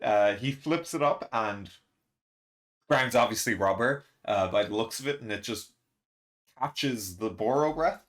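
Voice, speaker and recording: A man hosting a chapter reaction in a loose, rambling way. He talks at an ordinary middle pitch, gets excited, laughs a lot and leans on plenty of fillers. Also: measured pace. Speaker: manga reaction channel host. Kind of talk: casual reaction and review commentary.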